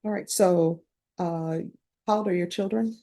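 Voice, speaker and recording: A woman judge running a court hearing in a brisk, direct, businesslike way. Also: on the low side, dark tone. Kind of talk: courtroom proceedings.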